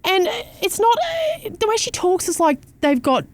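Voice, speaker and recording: A woman's voice: extremely high pitch, expressive, normal speed. A woman with an Australian accent, hosting a casual chat and talking bluntly, swearing and mimicking people as she tells stories. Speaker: podcast host.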